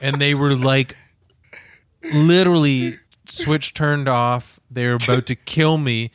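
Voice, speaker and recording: A man chats on a casual comedy podcast at an ordinary mid pitch. He tells a long, rambling story full of "like" and "uh", with many restarts. The recording is close and dry. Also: fairly even intonation, slow pace, smooth, no echo. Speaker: podcast co-host.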